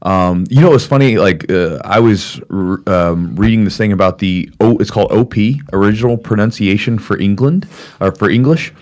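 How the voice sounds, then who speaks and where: A man's voice: fairly low pitch, normal speed, darkish tone. A man hosting a podcast in a small upstairs room, rambling casually with lots of fillers. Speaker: podcast host.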